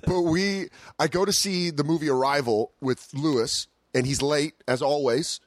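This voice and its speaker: This is a man in a relaxed podcast chat, telling an anecdote with a lot of life in it. His voice sits slightly higher than most men's and is recorded close and dry. He laughs often and slips into quick impressions of the people in the story. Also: dry recording. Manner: animated, laughing, acts out friends' lines. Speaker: podcast guest comedian.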